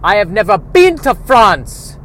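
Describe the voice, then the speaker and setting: A man voicing a loud Dutchman with an exaggerated fake Dutch accent that sounds close to German, shouting each word stiffly. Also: sits high, sing-song, a little slow, slight background noise, voice pushed up, full character voice. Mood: indignant.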